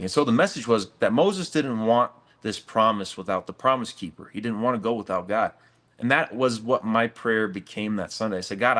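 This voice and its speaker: A man's voice: on the low side, fairly bright tone. A middle-aged man, a gym owner, telling a story earnestly in a casual interview, saying "dude" and "man".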